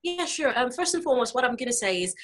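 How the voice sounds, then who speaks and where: A woman's voice: sits high, big pitch swings, quick pace, a bit bright, poor audio. Encouraging woman from the UK. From United Kingdom. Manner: earnest and encouraging, with fillers. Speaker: author and business mentor. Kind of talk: casual interview talk.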